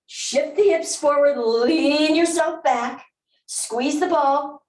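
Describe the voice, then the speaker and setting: A woman's voice: high-pitched, slow pace, a little mellow. A woman with a Southern US accent leading a barre workout, coaching upbeat with whoops and counts. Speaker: barre fitness instructor. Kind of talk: live workout instruction. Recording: roomy, from a distance.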